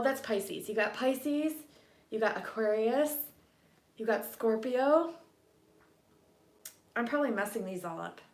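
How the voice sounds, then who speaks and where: A woman chatting casually on a live stream as a tarot reader, bubbly and giggly, often dropping to a hushed voice so she won't wake her daughter. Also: fairly high pitch, reverberant. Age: adult with a young daughter. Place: home workspace at night.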